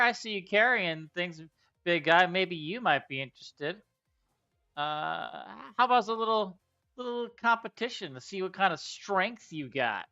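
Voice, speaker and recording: A man putting on a loud, brash gym boss woman. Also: fairly low pitch, muffled recording, pitched above the performer's own voice. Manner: loud, boisterous, challenging.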